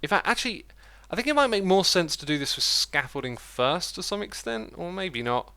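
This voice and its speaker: A man's voice: sits high, big pitch swings, fairly quick, pushed and bright, smooth. A man hosting a livestream, chatting casually and thinking aloud while he builds, reading out viewer messages as he goes. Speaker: livestream host. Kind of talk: casual chat while playing a building game.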